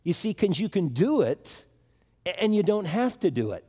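Male preacher, conversational sermon, mellow high-ish voice, long hall reverb. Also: very animated, moderate pace, slightly rough. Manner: conversational, emphatic, restarts phrases.

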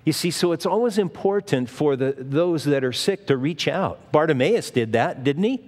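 A man's voice: on the high side, lively intonation, normal speed, a little mellow, in a large hall. A male pastor giving a conversational sermon, acting out the voices of the people in the Bible stories.

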